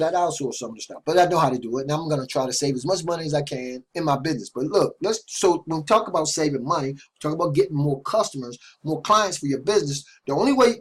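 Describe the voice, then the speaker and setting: A middle-aged man with a fairly high, husky voice talks straight to his viewers in a loose, chatty sales pitch. He repeats his points, keeps tossing in "right?", and trips over restarts as he goes. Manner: restarts and stumbles over words. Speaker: online marketing vlogger. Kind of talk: casual direct-to-camera sales talk.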